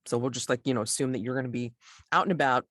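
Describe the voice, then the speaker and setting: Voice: medium pitch, steady tone, very fast, fairly bright tone, dry recording, clean studio sound. A game master casually running a tabletop role-playing game, explaining rules with many fillers and restarts.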